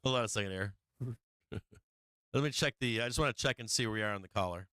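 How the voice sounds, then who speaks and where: A man's voice: lowish voice, quick pace, sharp tone, smooth, dry recording, low-quality recording. A man hosting a live market stream, swearing freely, laughing often and repeating himself as he walks through charts. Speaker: market livestream host.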